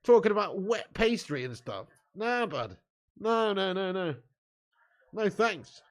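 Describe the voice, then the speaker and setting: Sweary, high-voiced football streamer. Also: male voice, very animated, takes it slowly. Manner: laddish, sweary, laughing banter. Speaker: football watch-along streamer. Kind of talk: live stream chat and match commentary.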